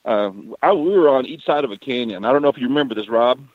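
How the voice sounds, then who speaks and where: A man calling in to a radio show, rambling excitedly with lots of fillers. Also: medium pitch, fast, no room sound. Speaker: caller. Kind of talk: casual call-in chat. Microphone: phone. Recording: muffled phone call.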